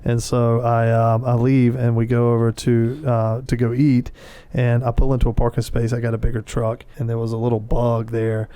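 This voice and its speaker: A man's voice: medium pitch, monotone, normal speed, hardly any pauses, warm tone, smooth, dry recording. A middle-aged man, telling a story in casual podcast chat and acting out his own lines.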